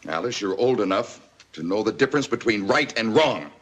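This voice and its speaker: A man's voice: fairly low pitch, expressive, a little fast, fairly bright tone, slight background noise. An actor playing a stern working father who scolds his daughter, in 1950s TV drama style. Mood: angry. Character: stern hardworking father, fed up.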